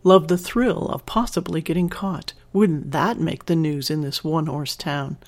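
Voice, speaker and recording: A narrator reading an adult story aloud in a steady, measured way. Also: mid-range voice.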